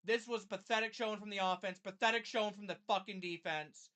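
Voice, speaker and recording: A woman streamer reacting live to a football game. She calls the plays in an even voice, then launches into a blunt, swearing rant. Her voice sits at a middling pitch. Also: fairly quick. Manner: angry ranting with heavy swearing; play-by-play calling of the game.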